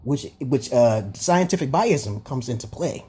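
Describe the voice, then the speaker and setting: A man's voice: mid-range voice, expressive, measured pace, mellow, slightly rough. A man giving a rambling, profane opinion monologue as a vlogger, emphatic and often checking "okay?" with his listeners. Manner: repeats and restarts phrases.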